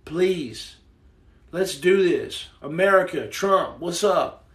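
A man hosting a casual livestream, reading viewer comments, joking loudly in slang and turning soft and earnest. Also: high voice, lively intonation, slow pace, roomy sound, far from the mic. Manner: boisterous, jokey, slangy, swings to soft earnest. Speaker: livestream host.

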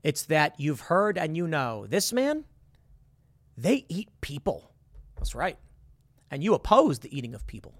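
A man's voice: a little high, very animated, normal speed, no room sound. A man talking the listener through a hypothetical scenario, earnest and full of rhetorical questions. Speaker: commentator. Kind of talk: casual monologue with hypotheticals.

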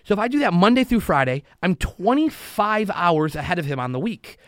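A man with a high-pitched, very animated voice speaks briskly as a podcast guest, recorded dry and clean in a studio. He's a loan officer in casual conversation, emphatic and motivational, driving his points home by repeating them again and again.

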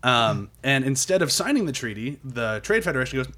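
Fast-talking man in casual chat. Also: medium pitch. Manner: animated retelling, acts out quotes in goofy voices, swears.

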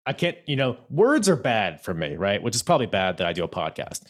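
A man with a fairly low voice hosts a casual wrestling podcast. His pitch swings widely as he talks. He stumbles through fillers and restarts and laughs easily. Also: sing-song, a little fast. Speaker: podcast host.

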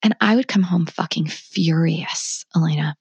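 A woman's voice: deep voice, normal speed, creaky, husky, no echo. Blunt, fired-up woman parenting coach. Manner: blunt and emphatic, swears freely; animated and passionate. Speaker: parenting educator, podcast guest. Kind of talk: candid conversational interview.

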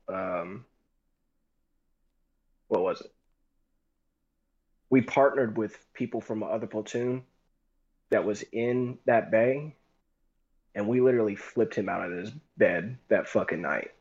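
A man's voice: lowish voice, highs cut off. A young man casually telling a rambling, profane story on a group voice call. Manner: profane, rambling, animated retelling.

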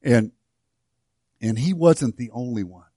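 A man preaching a sermon to his church, swinging from hushed, slow lines to loud, fervent ones. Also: medium pitch, dry recording, studio quality. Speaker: pastor.

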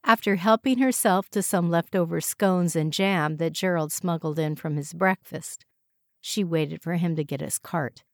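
Woman narrator, low voice, calm measured audiobook reading, dry sound. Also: no room sound.

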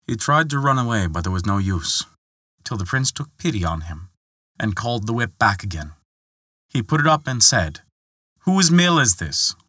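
Bright, dry-voiced male storyteller. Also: moderate pace, no echo. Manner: expressive, lifts pitch for quoted characters. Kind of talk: scripted folktale narration.

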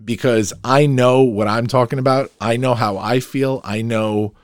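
A man hosting a solo podcast, talking in an opinionated, brash way that keeps getting loud and fired up. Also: mid-range voice, steady tone, unhurried, no room sound, studio quality. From New York. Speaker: podcast host.

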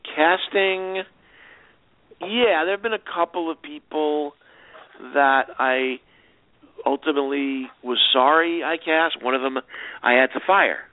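A man's voice: fairly high pitch, a little slow, long pauses, no echo. A man, a film director being interviewed, rambling through anecdotes with many restarts and fillers. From United States. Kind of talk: casual interview answers. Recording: dry, tinny phone-line sound.

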